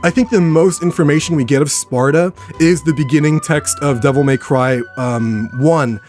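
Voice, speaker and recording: Excitable young man chatting on stream. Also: a little high, normal speed, faint music behind. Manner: excitable, rambling, addresses chat directly. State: voice getting worn. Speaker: live streamer. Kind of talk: casual live-stream reaction chat. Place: home streaming room.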